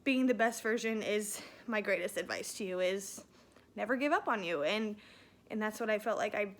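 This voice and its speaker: A young woman, a nursing student, talking in an emotional personal vlog, tearful and halting, with many fillers and restarts. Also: medium pitch, slight background noise. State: emotional, near tears. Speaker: nursing student sharing a testimonial.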